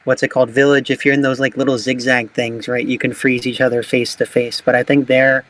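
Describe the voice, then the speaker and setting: A man speaks as a podcast guest, thinking aloud and hedging his points. His mid-pitched voice stays flat with little rise and fall. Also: fairly quick, rough recording. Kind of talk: casual chat.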